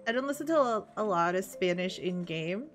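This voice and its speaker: Brief: young female streamer, mid-pitched, chatty, giggly, casual. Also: animated, brisk, faint music behind. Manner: chatty, laughs often, greets chat. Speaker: VTuber streamer. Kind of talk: casual game-stream chat.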